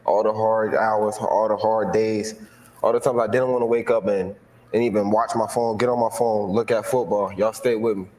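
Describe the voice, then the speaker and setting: A young man from Florida speaks from a stage in a big reverberant hall, his voice at an ordinary pitch. He gives a heartfelt, emotional acceptance speech in loose, casual slang and repeats his thanks. A faint hum of noise sits under the room echo. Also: level tone, normal speed, darkish tone. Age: young adult. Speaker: award winner giving a speech.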